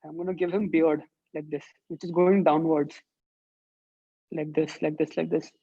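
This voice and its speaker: A woman's voice: low-pitched, level tone, normal speed, gravelly, warm tone, slightly rough, dull audio. A woman who teaches an online drawing workshop for children and thinks aloud as she sketches. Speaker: art teacher.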